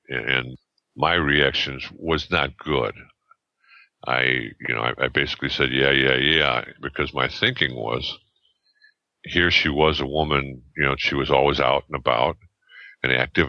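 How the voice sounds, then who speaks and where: A man in his seventies, a podcast guest, telling a story in a rambling, halting way with many restarts and fillers, on a dull lo-fi recording. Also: extremely low pitch, pushed and bright, no echo. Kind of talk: casual storytelling. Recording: dull lo-fi sound.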